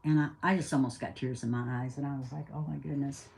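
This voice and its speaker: This time the older storyteller talks fast, her very deep voice showing vocal fry and a touch of mellowness, with fairly even intonation. She recounts a memory in everyday, conversational speech, rambling somewhat and voicing the dialogue herself.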